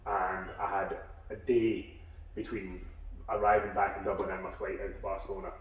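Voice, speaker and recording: A man who is a guest on a casual podcast chat over a beer, telling stories in an animated way and acting out other people's lines. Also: low voice, normal speed. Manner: animated storyteller, acts out quoted dialogue. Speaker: guest karate instructor. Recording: very echoey room, mic far off.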